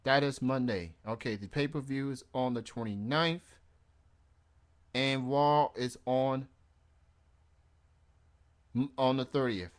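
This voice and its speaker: Slow-talking male wrestling show host. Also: mid-range voice. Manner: rambling, laughs at own jokes. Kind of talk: casual chat.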